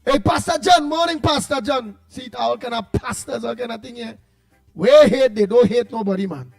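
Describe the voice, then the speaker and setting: A man's voice: extremely high pitch, normal speed, creaky, soft background music. A Trinidadian man hosting a casual morning radio show, rambling and calling out listeners' names in greeting. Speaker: radio host.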